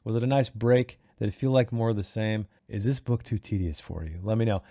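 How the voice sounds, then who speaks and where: A man hosting a read-along book club who gives his casual, opinionated take on chapters, talking in an animated way with frequent restarts. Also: on the low side, a little fast, no room sound, studio quality.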